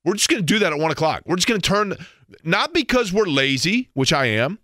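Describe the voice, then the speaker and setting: Bright-voiced rambling male radio host. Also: high voice, big pitch swings, fairly quick, dry recording, clean studio sound. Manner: rambling, playful, self-mocking. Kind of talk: casual sports talk radio chat.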